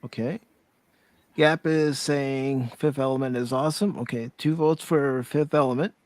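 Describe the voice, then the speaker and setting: A man hosting a casual pop culture stream, reading out viewer votes in an easygoing, relaxed way. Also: mid-range voice, a little slow, no echo. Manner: easygoing, relaxed, restarts often. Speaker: host of a pop culture livestream.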